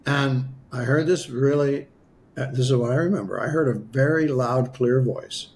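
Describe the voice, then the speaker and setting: Gravelly man telling a personal story. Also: medium pitch, normal speed, slight background noise. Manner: animated, acts out his own past dialogue; conversational, with many asides and restarts. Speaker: spiritual healer guest.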